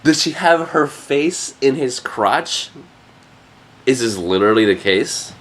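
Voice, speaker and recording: A man's voice: mid-range voice, lively intonation, slow, fairly bright tone. Crude exasperated man reacting to anime. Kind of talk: casual reaction commentary.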